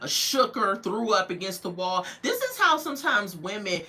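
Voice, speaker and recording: A woman recapping a reality TV episode as a casual, outspoken commentator. She tells the story in an animated, gossipy way and judges the people in it bluntly. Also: mid-range voice, moderate pace, slight background noise. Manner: outspoken and judgmental. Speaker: TV show reviewer.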